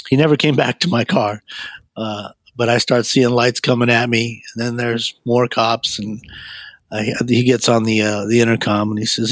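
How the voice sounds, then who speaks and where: A middle-aged man, a guest, telling his life story in a rambling, animated way, with many fillers and restarts. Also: normal speed, no echo. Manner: animated, acts out quoted voices with a raised pitch. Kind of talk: personal storytelling.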